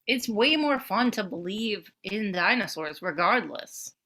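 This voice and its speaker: A woman's voice: medium pitch, animated, unhurried, sharp tone. A woman co-hosting a podcast in casual chat, blunt and playful, swearing casually. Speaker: podcast co-host.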